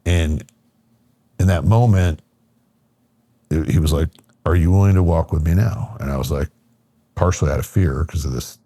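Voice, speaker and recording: A man's voice: a bass voice, normal speed, long pauses, dark tone, no room sound. A middle-aged man from Michigan, a podcast guest, telling a personal story casually with lots of fillers and acted-out quotes. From Michigan, USA.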